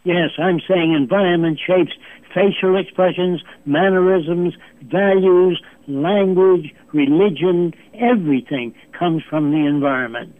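A man's voice: sits high, a little slow, no room sound. A man in his nineties, a guest on the phone, lecturing emphatically and pressing his points with rhetorical questions. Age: 90s. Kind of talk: lecturing interview answers. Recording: tinny phone line.

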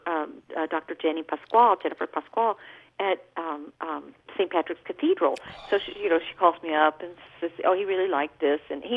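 A woman singer and guest, talking in a chatty storytelling way during a radio interview by phone. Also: fairly low pitch. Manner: chatty, warm storytelling with laughs. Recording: tinny phone line.

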